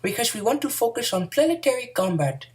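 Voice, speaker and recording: A woman's voice: fairly high pitch, big pitch swings, brisk, a little mellow, far from the mic, pitched above the performer's own voice. A woman putting on the voice of a smug, scheming male game-company spokesman, giggling as he makes excuses.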